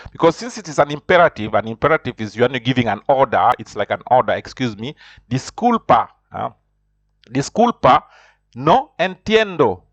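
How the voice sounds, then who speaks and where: A man teaching a beginner Spanish lesson, repeating phrases slowly, with many restarts. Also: medium pitch, dry recording, muffled recording. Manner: slow, repetitive drilling of phrases; frequent restarts and fillers. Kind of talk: spoken language lesson.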